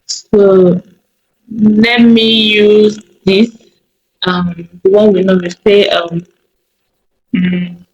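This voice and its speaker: A woman teaching a coding tutorial over a screen recording, thinking aloud slowly with many fillers and small self-corrections. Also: medium pitch, little pitch movement, a little mellow, muffled recording.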